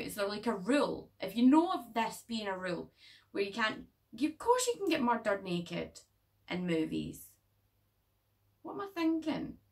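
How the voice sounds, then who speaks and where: A woman casually reviewing a horror movie in a chatty, animated way, swearing freely. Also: on the high side, recorded from a distance.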